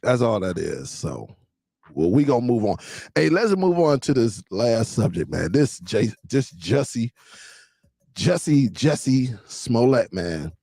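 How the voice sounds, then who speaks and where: A man's voice: medium pitch, sing-song, unhurried, gravelly, warm tone, no echo. A man hosting a casual live-stream show, talking loosely to his viewers and laughing often.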